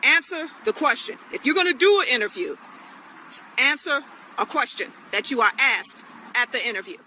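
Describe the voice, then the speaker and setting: A man's voice: extremely high pitch, big pitch swings, normal speed, pushed and bright, slight background noise, low-quality recording. A man delivering a blunt, scolding political rant straight to the camera, repeating his points. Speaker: political commentator.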